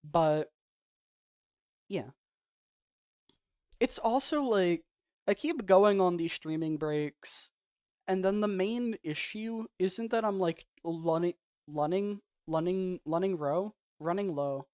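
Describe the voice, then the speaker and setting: A male game streamer chatting away to his viewers. He rambles and pokes fun at himself, with a smooth, clear voice. The sound is dry and close. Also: high voice, lively intonation, takes it slowly, long pauses, no room sound. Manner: rambling, self-deprecating; soft-spoken off stream. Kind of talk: casual livestream chat.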